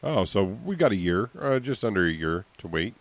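A man's voice: on the low side, very animated, a little fast. A man hosting a poetry radio show, chatting in an easygoing, joking way. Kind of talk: casual radio chat.

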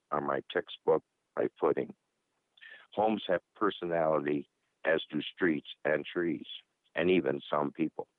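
An older man from Michigan with an extremely low, rumbling voice reads his own poem slowly and deliberately. He comes through a thin, tinny phone line with a dry, close sound. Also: dry recording. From Michigan, USA. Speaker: caller reading his poem. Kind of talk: poetry reading.

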